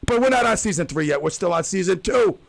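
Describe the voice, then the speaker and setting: A man hosting a radio show, ranting loudly about his softball team and mocking whiners in a wailing voice. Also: high-pitched, animated, quick pace, vocal fry, rough recording. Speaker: radio host and softball coach. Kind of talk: animated radio monologue.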